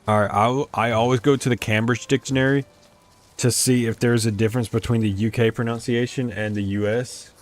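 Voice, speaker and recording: A man's voice: mid-range voice, fairly even intonation, fairly quick. A man streaming a life-sim game in casual commentary, thinking aloud and tripping over words as he tries pronunciations. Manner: rambling, muses aloud and stumbles over words. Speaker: let's play streamer.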